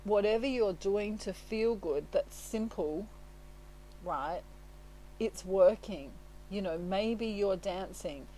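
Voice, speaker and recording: A chatty tarot reader talks through a casual reading as if in a relaxed one-on-one chat, her pitch sitting in the middle. She is reassuring, laughs often, and keeps checking in with tags like "right?" and "you know." She takes it slowly, and the audio is poor with a faint hiss or hum.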